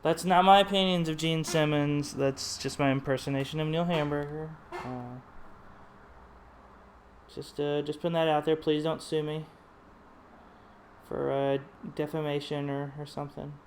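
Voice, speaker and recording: A man chatting casually while painting a pinball playfield, low-key, rambling and often cutting himself off mid-sentence. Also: fairly even intonation, moderate pace, long pauses, a little hiss or hum. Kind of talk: casual chat while working.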